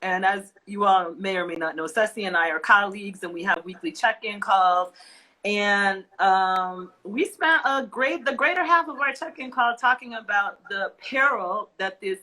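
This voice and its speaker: A woman's voice: medium pitch, normal speed, pushed and bright, poor audio. A woman co-hosting a casual talk show, speaking with impassioned emphasis and repeating phrases as she vents. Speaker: podcast co-host. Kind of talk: emotional casual chat.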